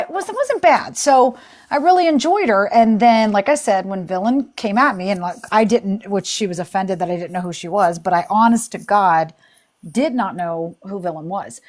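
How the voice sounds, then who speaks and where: A woman with a mid-range, slightly mellow voice hosts a live stream, chatting casually as she retells arguments. She acts out the quoted back-and-forth, sounding exasperated, rambling, and constantly restarting her sentences.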